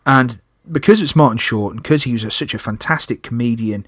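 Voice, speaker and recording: A young man hosting a podcast, telling a personal story in a lively way and acting out panicked moments in loud breathless bursts. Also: medium pitch, fairly quick, no room sound, clean studio sound. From United Kingdom. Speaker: podcast host.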